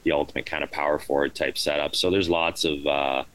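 A man in his thirties, a veteran hockey player, answering interview questions in a relaxed, rambling way, often tagging on "right?". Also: a bass voice, fairly quick, poor audio. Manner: laid-back, rambling, frequent "right?" and "you know". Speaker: professional hockey player, guest.

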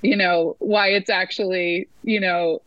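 A woman who works as a sports announcer, telling lively stories in a casual interview, full of fillers and restarts. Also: lowish voice, measured pace, dry recording, muffled recording.

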